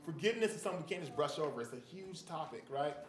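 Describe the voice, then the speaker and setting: Animated man preaching in an echoey church. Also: a little high, rapid-fire. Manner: conversational, animated, frequent "right?" asides. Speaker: pastor. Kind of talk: sermon. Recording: echoey room, faint ambience.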